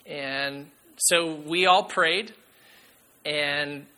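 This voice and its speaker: A man preaching a sermon as pastor, earnest and emphatic, sometimes dropping to a hushed voice. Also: fairly high pitch, steady tone, very slow, smooth.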